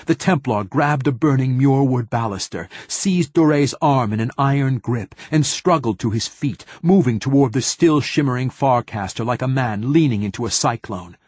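A man giving measured, dramatic scripted narration of a science fiction audiobook. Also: mid-range voice, darkish tone, husky, no room sound.

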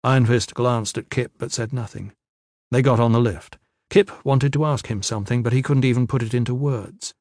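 A man reading a novel aloud as a narrator, measured and steady, shifting his pace with the action. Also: medium pitch, no room sound, clean studio sound. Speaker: audiobook narrator. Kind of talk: scripted narration.

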